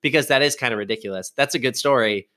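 A young man hosts a casual interview, asking questions in an easygoing way and laughing often. His voice sits at an ordinary middle pitch. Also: fast talker, sharp tone. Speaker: podcast host.

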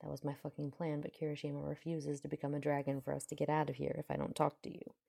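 A brash young barbarian prince talks curtly and swears with ease, as a woman reads him. The delivery is low, dark and gravelly. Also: completely flat delivery, fast talker, exaggerated voice. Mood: gruff. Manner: gruff, curt, swearing.

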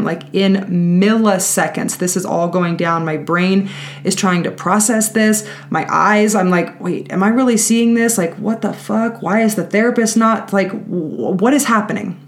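A woman hosting a podcast, telling a personal story in a casual, animated, exasperated way and swearing freely. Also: on the low side. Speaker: podcast host.

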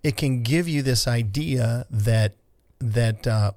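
A man co-hosting a casual podcast, easygoing and quick to agree. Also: medium pitch, a little mellow. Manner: easygoing, brief agreeing replies. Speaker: podcast co-host.

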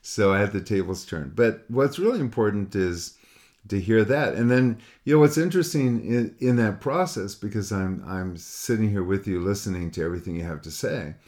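A man with a low voice explains painting to a student over a call. He talks loosely and rambles, repeating words and acting out student replies in other voices. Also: normal speed, a little mellow. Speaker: painting teacher. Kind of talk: casual one-on-one critique talk.

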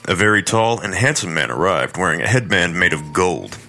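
A man's voice: low-pitched, lively intonation, normal speed, vocal fry, pushed and bright. A man hosting a horror story podcast, narrating a folk tale with crude, irreverent joking asides.

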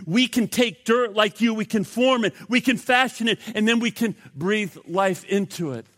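A man voicing an angry, excited male scientist who boasts to God in a raised voice, heard with hall reverb. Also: high-pitched, moderate pace, pitched above the performer's own voice. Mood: defiant. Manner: defiant, raised, eager.

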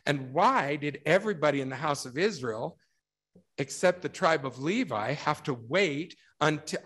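A middle-aged man delivering a religious talk with a slightly higher voice. He tells stories animatedly and acts out each quote. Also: fairly bright tone. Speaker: speaker.

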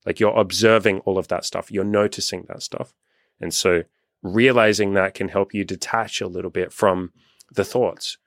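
A young man with a deep voice hosts as a dating coach in a casual podcast conversation. He talks casually and profanely, acting out the voices of people he quotes, in studio-quality audio with no room sound.

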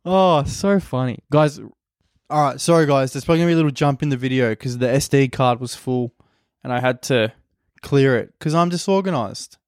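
A man's voice: medium pitch, fairly quick, dry recording, clean studio sound. A man with an Australian accent, a stand-up comedian rambling crudely through a casual solo podcast. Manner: crude, rambling, heavy swearing.

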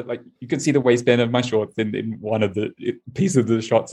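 A man's voice: medium pitch, big pitch swings, fairly bright tone, husky. A man chatting casually as a guest on a podcast, talking freely and laughing often. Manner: chatty, laughs often, quick bursts of delight. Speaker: coaching client, guest.

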